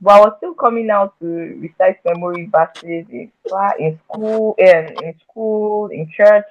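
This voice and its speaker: A woman guest telling her own story in a conversation, halting and earnest, often restarting and repeating words. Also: mid-range voice. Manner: earnest and emotional when recounting her past. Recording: tinny phone-like audio.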